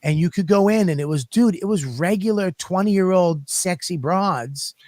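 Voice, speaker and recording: A man's voice: high-pitched, normal speed, a little mellow, no room sound, clean studio sound. Profane, rambling man with a raised voice. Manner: crude, profane, rambling storyteller. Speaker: podcast co-host. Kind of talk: casual comedic chat.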